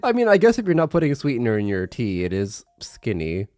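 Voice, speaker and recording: A young man streaming casual chat, his nose congested, laughing often and slipping into halting Japanese. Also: medium pitch, huge pitch swings, a little mellow, no room sound, clean studio sound, faint music behind.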